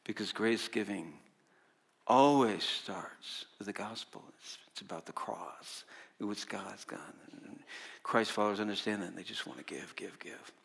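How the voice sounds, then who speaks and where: A man preaching a sermon as pastor, telling stories with animation and dropping to hushed tones on key points. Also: lowish voice, normal speed, vocal fry, husky.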